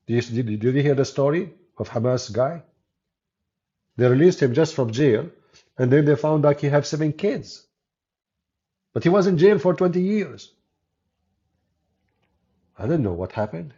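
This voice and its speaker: A man with an Arabic accent, whose first language is Arabic, delivers sarcastic live-stream commentary in a gravelly, mellow voice. He mocks as he talks, in his role as a debater and channel host. The recording sounds dull and lo-fi. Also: medium pitch, normal speed, long pauses. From Arab world. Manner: mocking, sarcastic. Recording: dull lo-fi audio.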